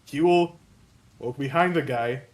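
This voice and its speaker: A man's voice: medium pitch, unhurried. A man running a tabletop role-playing game, narrating the scene and reacting to his players with laughs and exasperated swearing. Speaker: game master.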